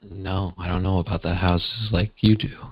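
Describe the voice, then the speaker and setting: Casting: man co-host, low voice, blunt joker who swears, dry close sound. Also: level tone, moderate pace, a little mellow, husky, no echo. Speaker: podcast co-host. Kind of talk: casual podcast chat.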